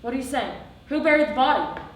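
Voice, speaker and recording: An imperious, impatient king barks decrees, played by a teenage girl on a school stage. The voice sits high and is heard from across an echoey theatre hall. A faint hiss lies under the stage recording. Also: lively intonation, fast talker, recorded from a distance. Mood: stern. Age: teens. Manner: commanding, proclaiming, impatient. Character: stern, imperious male king. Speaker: student actor.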